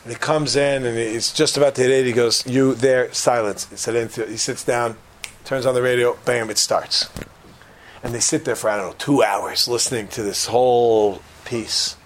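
A man telling a story casually to a group, animated, with frequent restarts and quick asides. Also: medium pitch, slight background noise.

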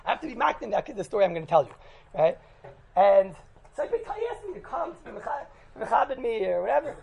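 In this low-quality recording, with a crowd audible behind him, an American rabbi entertains his congregation with a humorous tale. His high, gravelly voice moves quickly in a sing-song pattern. He laughs at his own punchlines and keeps asking "right?" as he chats.

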